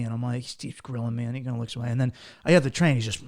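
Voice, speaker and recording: A man's voice: medium pitch, fairly even intonation, racing, a little mellow. A man hosting a podcast, trading blunt, profane travel stories in casual chat. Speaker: podcast host.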